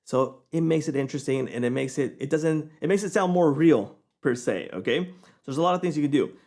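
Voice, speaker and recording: A man giving a casual, chatty screen-recorded software tutorial, often checking in with the viewer. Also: a little high, a little fast. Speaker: software reviewer.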